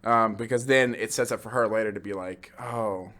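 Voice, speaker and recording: A young man co-hosting a casual movie podcast, going hoarse and laughing often as he acts out quoted lines. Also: lowish voice, steady tone, fairly quick, fairly bright tone. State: losing his voice. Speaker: podcast co-host.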